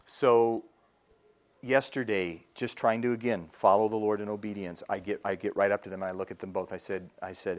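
Man preaching with a low voice. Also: steady tone, moderate pace. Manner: conversational preaching with frequent "all right?" check-ins. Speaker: pastor. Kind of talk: sermon.

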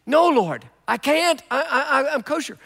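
A man's voice: very high voice, expressive, normal speed, creaky, fairly bright tone, voice pushed up, full character voice. A man voicing a stubborn, devout male apostle who insists and pleads. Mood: protesting.

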